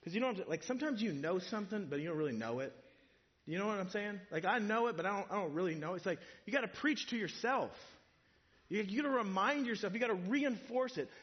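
A man's voice: high voice, lo-fi sound. A man preaching a sermon in a church, in a conversational way that builds to emphatic points. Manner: conversational, rising to emphatic, acts out imagined speakers.

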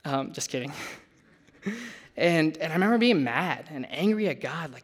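A young adult man delivering a sermon. He talks in a relaxed, conversational way, breaking into a personal story and turning to his listeners with asides. His voice sits slightly high for a man. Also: moderate pace, pauses often, breathy edge. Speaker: preacher.

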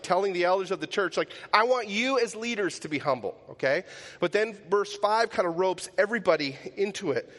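A man preaches a sermon in a slightly higher voice, speaking in a loose, conversational way. He keeps throwing rhetorical questions at his congregation. His voice carries a long reverb from the church hall. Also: fairly bright tone. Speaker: pastor.

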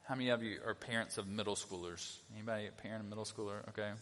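A man's voice: fairly low pitch, steady tone, racing, fairly bright tone, slight background noise. A middle-aged male pastor giving a conversational sermon, often asking the congregation questions. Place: church sanctuary. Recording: long reverb of a church hall.

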